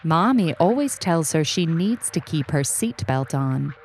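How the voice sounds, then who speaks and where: A woman narrating a short story in an unhurried, even storytelling manner. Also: sits low, soft background music. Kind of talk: audiobook reading.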